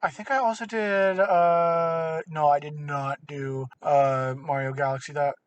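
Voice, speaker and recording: A man's voice: fairly high pitch, steady tone, measured pace, clear, resonant tone. A man co-hosting a podcast in casual chat, rambling and correcting himself as he goes. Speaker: podcast co-host. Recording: distant from mic.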